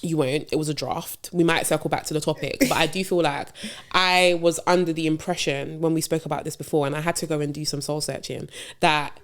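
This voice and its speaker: A woman's voice: low voice, steady tone, fairly quick, few pauses. A woman co-hosting a podcast, chatting casually and thinking aloud in long, rambling sentences with many ums. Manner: musing, talks in long run-on thoughts with many ums. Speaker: podcast co-host. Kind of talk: casual chat.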